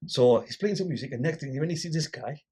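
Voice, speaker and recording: A man tells a story in casual podcast chat, putting on voices for the people he quotes. His voice is slightly husky, at a middle pitch. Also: fast. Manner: animated storyteller acting out quoted exchanges. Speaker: podcast guest.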